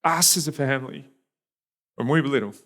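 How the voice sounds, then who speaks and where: Middle-aged male pastor, conversational storyteller, mid pitch, reflective with loose restarts. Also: brisk, fairly bright tone. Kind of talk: storytelling sermon.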